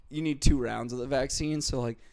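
Smooth-voiced man joking loosely. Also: medium pitch, fairly even intonation, unhurried, a little mellow, no room sound. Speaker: podcast co-host. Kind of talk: casual chat.

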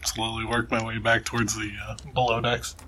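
A man playing a tabletop game, talking in a relaxed, unhurried way. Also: on the low side, slight background noise. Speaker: player.

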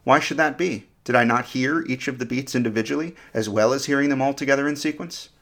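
Man, podcast host, scripted narration, reflective, measured, asks listener questions, mid-pitched voice. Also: vocal fry, fairly bright tone.

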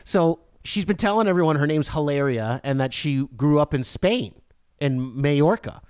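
A man co-hosting a podcast, telling a story in animated casual banter and swearing freely. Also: fairly high pitch, moderate pace, clear, resonant tone, dry recording, clean studio sound. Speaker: podcast co-host.

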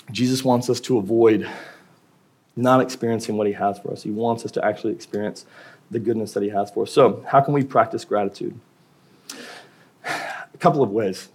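A man's voice: medium pitch, darkish tone, slightly rough. A young man preaching a sermon as pastor, in a casual, conversational way with humor and quoted asides.

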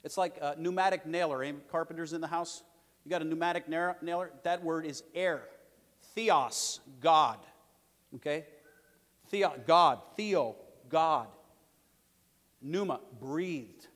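A fairly high-voiced man preaching to a congregation, hammering home words by repeating them. He swings from forceful, loud declarations to quieter asides. His voice rings with a long church reverb. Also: measured pace, pauses often. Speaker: pastor. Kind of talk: sermon.

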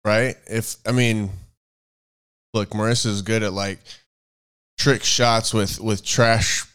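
A man co-hosting a casual faith-based chat, rambling and thinking out loud as he searches for words. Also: fairly low pitch, fairly even intonation, slow, clean tone. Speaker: podcast co-host.

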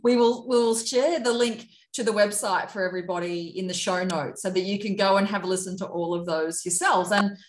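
A woman's voice: medium pitch, brisk, few pauses. A woman hosting a podcast interview, friendly and appreciative, laughing easily with her guest. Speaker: podcast host. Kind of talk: casual interview. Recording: roomy echo.

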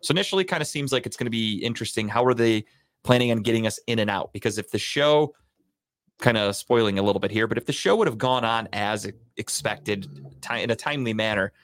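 Guy on a podcast rambling thru a story, swears a lot, kinda low voice. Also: fast, no room sound. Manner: profane, animated storyteller. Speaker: podcast co-host. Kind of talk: casual storytelling chat.

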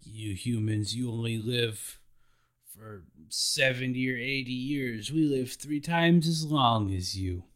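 A man doing a booming boastful old giant. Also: slow pace, fairly bright tone. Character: ancient male giant warrior, booming and boastful.

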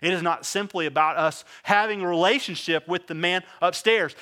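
This is a man delivering a sermon from the pulpit. His voice sits high for a man and sounds bright and ringing. He swings from loud, emphatic declarations to hushed, low asides, and breaks into casual, conversational voices to act out the people in his story. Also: moderate pace, hardly any pauses. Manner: acts out biblical characters in conversational voices. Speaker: pastor.

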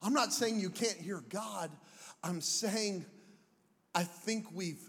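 A man preaches with a fairly high, lively voice, cracking jokes and slipping into put-on voices. The sound rings with long reverb through a big hall. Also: takes it slowly, breathy edge. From Mexican heritage. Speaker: pastor. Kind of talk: sermon.

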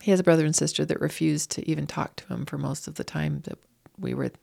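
Grieving woman with a gravelly low voice. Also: fast, a little mellow. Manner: raw, grieving, voice surging when upset. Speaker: guest. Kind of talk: emotional interview.

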